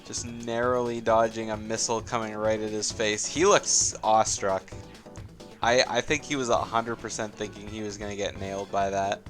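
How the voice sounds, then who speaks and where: The caster of this live racing game tournament speaks at a moderate pace with a fairly low pitch and little pitch movement. He is chatty and easygoing in his play-by-play, trailing off with fillers, while soft game music plays.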